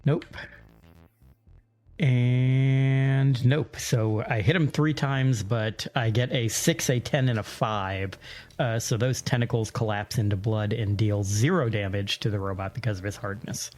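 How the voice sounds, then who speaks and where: A man's voice: mid-range voice, steady tone, unhurried, darkish tone. A man playing a tabletop game, thinking aloud and laughing through his turn. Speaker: player.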